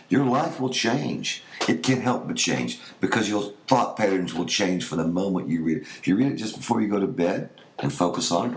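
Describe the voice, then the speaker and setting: Man, podcast host, very deep voice, earnest and encouraging, rambling, echoey room. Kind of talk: casual podcast monologue. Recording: echoey room with faint noise.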